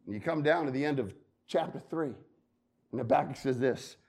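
A man preaching a sermon, swinging between loud and hushed delivery and repeating phrases for emphasis. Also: mid-range voice, moderate pace, vocal fry, husky.

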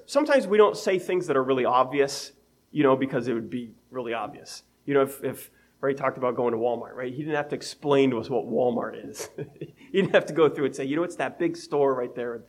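A man with a voice pitched a little high for a man, delivering a sermon. He talks in an easygoing, conversational way, reads old scripture aloud, and chuckles at his own homely examples. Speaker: preacher.

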